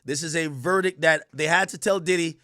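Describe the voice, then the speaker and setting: A man's voice: on the high side, a little fast, bright, forceful tone, no room sound, clean studio sound. A man hosting a livestream, giving profane, joking commentary and laughing often. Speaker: livestream host. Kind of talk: comedic legal commentary stream.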